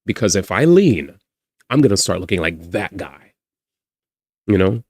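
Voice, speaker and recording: A man's voice: low-pitched, measured pace, no room sound, clean studio sound. A young man streaming live, chatting casually with his viewers, laughing often and swearing as he reacts. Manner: animated, laughs often, swears, talks back to chat.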